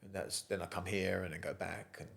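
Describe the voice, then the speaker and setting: Middle-aged English man, lowish voice, quick chatty yarns, swears freely, accent half Aussie now. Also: steady tone, vocal fry. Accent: English, softened toward Australian. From England. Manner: chatty yarn-spinner, swears freely, laughs through stories. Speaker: guest, gym founder. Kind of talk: casual storytelling interview.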